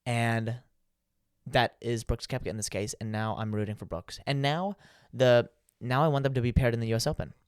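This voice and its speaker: A young man co-hosting a podcast in casual chat, excitable, swearing freely and cutting in. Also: medium pitch, moderate pace, clear, resonant tone, dry recording, clean studio sound. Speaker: podcast co-host.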